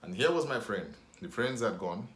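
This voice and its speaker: A man from Nigeria with a Nigerian accent, casually telling a rambling, animated story to camera and leaning on "you know". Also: fairly low pitch, moderate pace, echoey room. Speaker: vlogger.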